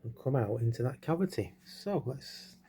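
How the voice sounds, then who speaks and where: A man's voice: medium pitch, lively intonation, moderate pace, warm tone, slight background noise. A man chatting casually while he works on a guitar build in his workshop, thinking aloud and poking fun at himself.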